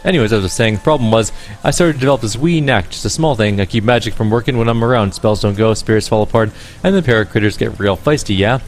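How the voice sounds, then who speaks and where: A man's voice: lowish voice, fast, soft background music, close to an everyday voice. A man voicing Rainbow, a brash, slangy Irish ex-park ranger woman in a game reading, with a put-on Irish accent. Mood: chatty.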